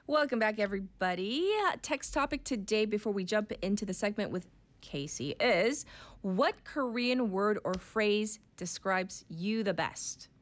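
A woman hosting a morning radio show in a studio, chatting casually and laughing often. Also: mid-range voice. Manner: lively, laughs often, asks quick questions. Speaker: radio host.

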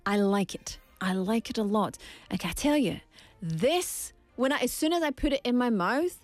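A playful young woman from Scotland hosts a casual vlog segment with theatrical flair. Her voice sits a little high. Faint music plays behind her. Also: animated, normal speed, no room sound. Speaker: vlogger.

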